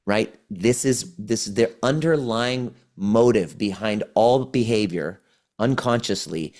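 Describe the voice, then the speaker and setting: A man with a fairly low voice speaks as a guest on a podcast. He retells a healing session with animated energy and voices both sides of the exchange. His delivery is conversational and earnest. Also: unhurried. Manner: animated, acts out the client's replies. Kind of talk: conversational storytelling.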